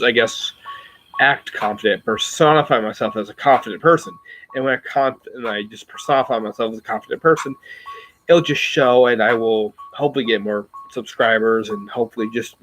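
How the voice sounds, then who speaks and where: A man's voice: mid-range voice, a bit bright, low-quality recording. Rambling man chatting to his viewers. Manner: rambling, self-reflective, many fillers and restarts. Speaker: YouTuber talking to his viewers. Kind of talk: casual livestream chat.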